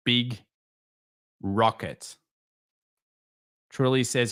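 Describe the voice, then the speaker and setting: A man hosting a live market stream, reading viewer comments and answering them with sarcastic jokes and animated stories. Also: medium pitch, takes it slowly, pauses often, clean tone. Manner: sarcastic, joking, animated storytelling.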